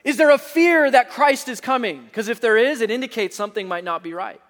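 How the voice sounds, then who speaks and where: A man preaching a sermon as a pastor, telling lively stories and rising to shouts. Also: very high voice, a little fast, long reverb tail.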